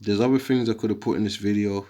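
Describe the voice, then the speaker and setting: A man's voice: on the low side, fairly even intonation, quick pace, mellow. A man giving an informal scripture lesson, rambling and combative, dropping slang asides as he works through the words on his screen. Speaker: video teacher.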